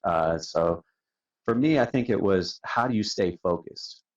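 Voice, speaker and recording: A man's voice: low voice, a little slow. A man being interviewed on a podcast as a company founder, telling stories in a laid-back, casual way and saying "man" and "dude" a lot. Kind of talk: casual storytelling. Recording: distant, dull-sounding mic.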